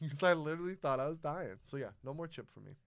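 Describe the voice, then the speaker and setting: A young man hosting a casual podcast, telling a story loudly with plenty of swearing. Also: fairly high pitch, brisk, creaky, no room sound. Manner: loud, swearing, animated storyteller. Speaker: podcast host. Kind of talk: casual chat.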